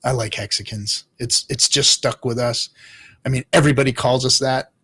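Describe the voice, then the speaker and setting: A man who is a father hosts a casual livestream, reading chat and answering in a rambling, profane way. He laughs often and sometimes drops to low mutters. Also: steady tone, moderate pace, fairly bright tone, breathy edge. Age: adult father.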